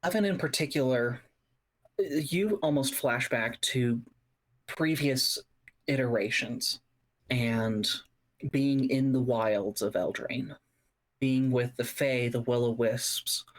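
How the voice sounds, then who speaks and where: A game master narrates a tabletop game with a medium-pitched voice, setting each scene through slow, descriptive phrasing and pauses.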